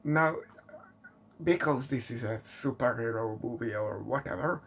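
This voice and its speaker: A man speaking English gives a casual, unhurried movie review. He keeps asking exasperated rhetorical questions and stumbles through fillers and restarts, his middle-pitched voice set against a faint background hum. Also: fairly bright tone.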